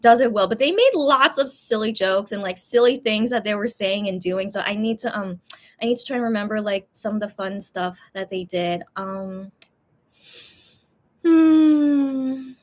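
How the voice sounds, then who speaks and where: A woman's voice: medium pitch, measured pace. A young woman chatting casually on a livestream, rambling with many fillers and restarts as she talks emotionally about a concert. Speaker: livestream host. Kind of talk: casual chat.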